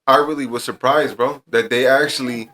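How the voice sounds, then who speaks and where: A man's voice: mid-range voice, steady tone, normal speed, pushed and bright. A man on a podcast speaking bluntly and candidly, swearing casually. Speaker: podcast co-host. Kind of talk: casual chat.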